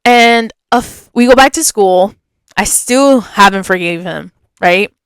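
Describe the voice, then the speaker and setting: A young woman hosting a podcast, telling a story in an animated, chatty way, laughing often and filling it with "like". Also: mid-range voice, unhurried, clear, resonant tone, no echo. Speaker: podcast host. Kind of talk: casual storytelling.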